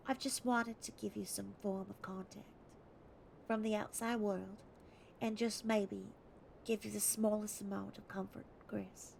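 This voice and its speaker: A warm-hearted Australian woman in her thirties reads her own letter to a stranger, a woman putting on the accent. Her voice is earnest and heartfelt, with a mid-pitched, heavily gravelly texture. Faint noise sits behind her. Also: flat delivery, a little slow. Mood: earnest, kind. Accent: put-on Australian.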